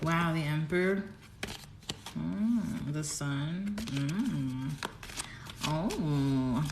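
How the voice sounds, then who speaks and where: A woman giving a casual tarot reading to camera, who swings from low murmuring to squealing excitement and swearing. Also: extremely slow. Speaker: tarot reader. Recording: roomy echo, faint background noise.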